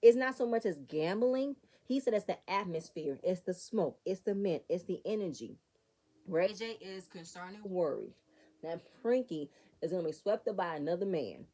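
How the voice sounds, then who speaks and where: A woman's voice: lowish voice, dark tone. Sassy woman recapping reality TV. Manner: sassy, opinionated, talks straight to viewers. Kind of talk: casual commentary.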